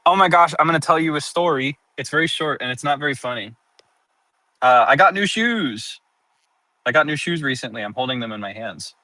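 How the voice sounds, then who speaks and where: A man's voice: a little high, lively intonation, fairly quick, sharp tone, no room sound, low-quality recording. A sleepy man streaming casual chat to his viewers, giggling often between sentences and turning playfully dramatic.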